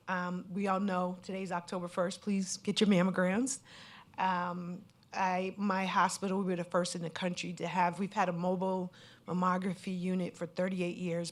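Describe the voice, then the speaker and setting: Woman from connecticut telling her story on a panel, earnest, lots of "you know", kinda low voice. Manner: earnest, candid, with many "you know" fillers. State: at times emotional. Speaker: scam victim speaking on a panel. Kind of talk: personal testimony at a panel event.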